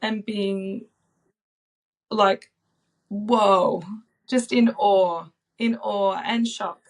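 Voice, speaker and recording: A woman in her thirties, a podcast guest telling a personal story in a soft, reflective way with frequent ums and likes. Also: medium pitch, fairly even intonation, extremely slow. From Australia.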